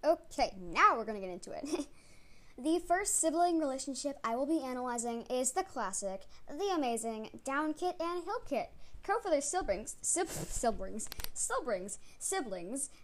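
A woman's voice: high voice, big pitch swings, moderate pace, a little hiss or hum. A woman hosting a casual podcast, stumbling over words and laughing at her own slips. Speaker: podcast host. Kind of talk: casual podcast talk with bloopers.

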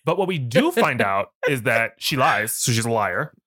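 A man chats through a horror film recap with a lively, swinging voice, full of wry asides and acted-out quotes. The sound is close and dry, with no room around it. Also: medium pitch, moderate pace, husky, no room sound. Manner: animated storyteller, dry jokes, quotes scenes. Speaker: podcast co-host. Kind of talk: casual chat recapping a film.

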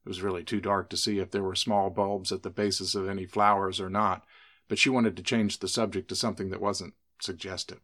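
A man narrating a scripted spooky story in a steady, measured reading. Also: low voice.

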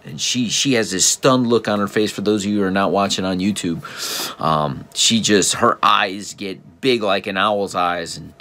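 Low-voiced man telling a casual story. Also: a bit bright. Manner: conversational, addresses listeners with rhetorical questions; repeats and restarts words. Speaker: podcast host and father.

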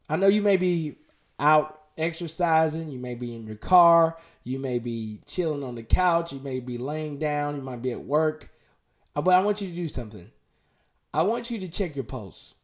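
A man preaching a podcast sermon, firing direct questions at the listener and dropping to a hushed, tender voice. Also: a little high.

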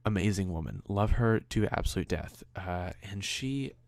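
Low gravelly-voiced man chatting. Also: lively intonation, moderate pace, darkish tone, dry recording. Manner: rambling and conversational, with a self-deprecating streak. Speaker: podcast host. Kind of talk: casual solo podcast chat.

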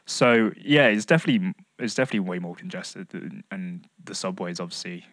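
A man's voice: deep voice, brisk, a bit bright, no echo. A young man co-hosting a podcast, laid-back and easily laughing, hedging his points with fillers. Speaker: podcast co-host. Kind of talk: casual chat.

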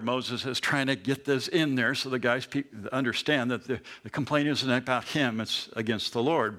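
A middle-aged man preaching a sermon to a congregation, explaining scripture in a conversational way with animated asides. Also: medium pitch, normal speed, hardly any pauses. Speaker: pastor.

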